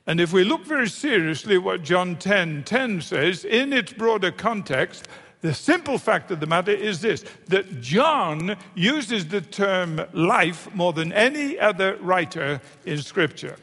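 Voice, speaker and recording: A man's voice: high-pitched, fairly bright tone. A man preaching a sermon, emphatic and fond of repeating phrases for effect. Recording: long hall reverb.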